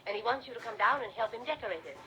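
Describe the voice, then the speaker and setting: A woman's voice: a little high, animated, very fast, a crowd in the background, lightly acted, rough recording. An actress playing a fretful, caring mother in 1930s radio drama style. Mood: brisk. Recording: hissy old radio recording.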